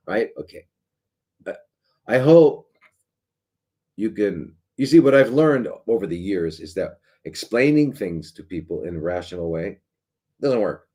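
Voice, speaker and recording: A man's voice: deep voice, animated, moderate pace, darkish tone. A middle-aged man, a doctor hosting a live show, talking casually in a sarcastic, rambling way with many restarts and fillers.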